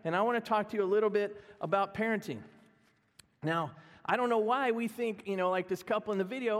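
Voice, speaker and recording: A middle-aged pastor delivers a sermon in a casual, self-deprecating way, joking with the congregation. His voice sits notably high, and it rings out with the long reverb of a church sanctuary. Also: fairly quick. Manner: humorous, self-deprecating, conversational.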